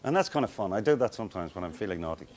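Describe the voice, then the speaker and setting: A man's voice: on the low side, expressive, rapid-fire, darkish tone. A man telling a mischievous anecdote in a casual interview. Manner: mischievous storytelling.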